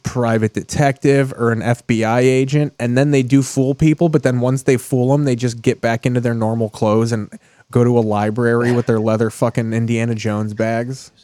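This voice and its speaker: A man's voice: medium pitch, fairly even intonation, normal speed, warm tone, no room sound. A man in his thirties hosting a casual TV-watching chat, joking crudely and riffing. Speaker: podcast host.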